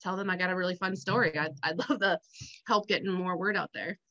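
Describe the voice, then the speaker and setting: A woman's voice: on the low side, fairly quick, dull audio. A woman from Minnesota, a business founder and mother, talking candidly and animatedly in a video call interview. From Minnesota, USA. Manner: candid, animated, laughs easily. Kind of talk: casual interview chat.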